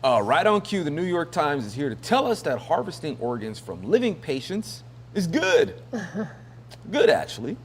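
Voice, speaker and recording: A man's voice: on the high side, big pitch swings, normal speed, slight background noise. Joking rambling male commentary host. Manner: rambling and joking, many fillers, laughs often. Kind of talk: casual news commentary.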